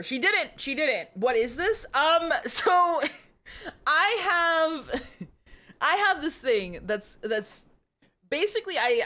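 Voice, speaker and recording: A woman's voice: a little high, a bit bright. A woman streamer reading a story aloud and joking about it, giggly and self-mocking. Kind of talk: reading smut aloud with live commentary.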